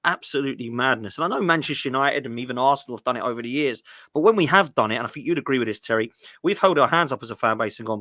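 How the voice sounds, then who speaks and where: A man's voice: mid-range voice, quick pace, a bit bright, dry recording, studio quality. A man on a fan podcast, conversational, conceding some points before arguing back about transfers. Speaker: football podcast panelist, fan of a rival club. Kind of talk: casual fan podcast debate.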